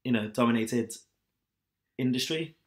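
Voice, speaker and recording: A man's voice: mid-range voice, unhurried. Young guy on a podcast, rambly, lots of um and like, just chatting. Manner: chatty, rambling retelling with many fillers. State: sore back, hungover. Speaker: podcast co-host. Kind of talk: casual chat.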